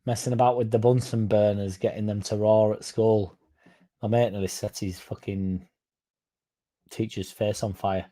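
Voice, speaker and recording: A man's voice: fairly low pitch, flat delivery, normal speed, warm tone. A man hosting a casual livestream, rambling, swearing and chatting to viewers by name. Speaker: fan channel livestream host.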